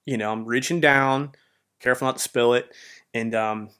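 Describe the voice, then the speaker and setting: A man's voice: mid-range voice, steady tone, moderate pace, fairly bright tone, clean tone. A man hosting a podcast, telling his personal faith testimony in a rambling, heartfelt way full of "man" and "you know". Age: adult with a marriage behind him. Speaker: podcast host.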